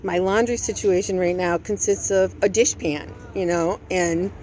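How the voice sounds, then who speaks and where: A woman with a slightly low voice records a candid vlog from a parked vehicle. She sounds overwhelmed and anxious, rambling and jumping between topics. Faint background noise hums behind her. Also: steady tone, moderate pace, a little mellow. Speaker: vlogger.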